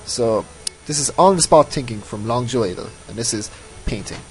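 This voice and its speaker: A man's voice: mid-range voice, expressive, moderate pace, poor audio. A man giving casual, rambling commentary over his own gameplay, often mocking himself. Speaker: let's play host.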